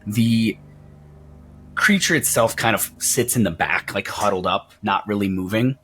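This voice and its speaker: A man narrating a tabletop role-playing game as game master, describing scenes in a relaxed way. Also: fairly low pitch, measured pace, slightly rough.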